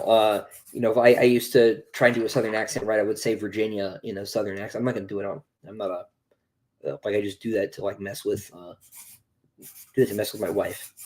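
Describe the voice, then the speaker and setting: A man's voice: lowish voice, a little mellow. A young man, an author, chatting casually on a livestream, reading out viewer questions and answering with lots of ums and restarts. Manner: rambling, many ums and restarts, reads questions aloud.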